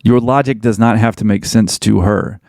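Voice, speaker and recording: A man holds forth as a podcast host, blunt and emphatic, driving each point home by saying it again. His voice sits at a middling pitch with a noticeably gravelly, fry-heavy texture. The recording is close and dry, with no room sound around him. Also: normal speed, a little mellow, no room sound. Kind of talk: opinionated podcast monologue.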